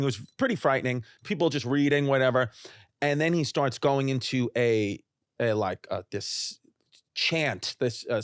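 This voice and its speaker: Male comedian, late 30s, loose rambling storyteller, mid-pitched voice, dry close studio sound. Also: no room sound. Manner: rambling, animated, jokey. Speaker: podcast guest comedian.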